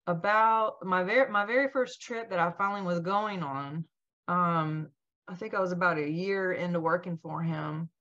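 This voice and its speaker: A woman guest in an interview telling a personal story in a lively way, acting out what each person said. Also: on the low side. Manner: animated, acts out quoted dialogue. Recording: dull lo-fi sound.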